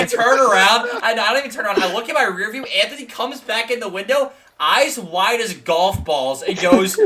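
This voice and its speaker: A man's voice: sits high, expressive, brisk, over a noisy crowd. A young man, a podcast host, telling a story in casual chat, swearing a lot and laughing as he goes.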